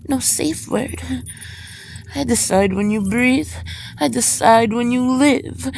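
Brief: woman, whispered role-play, commanding and teasing, gravelly breathy whisper, slightly high voice, noisy recording. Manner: slow, teasing, commanding, with low laughs. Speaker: dominant giantess role-play performer.

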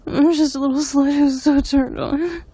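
Stuttering breathy high-voiced woman. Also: steady tone, normal speed, dark tone. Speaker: submissive pleading to a partner. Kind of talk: erotic audio role-play.

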